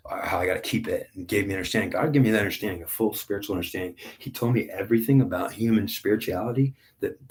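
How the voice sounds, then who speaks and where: Man, 50s, low voice, spiritual reader, intense and repetitive with halting restarts. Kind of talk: spiritual monologue.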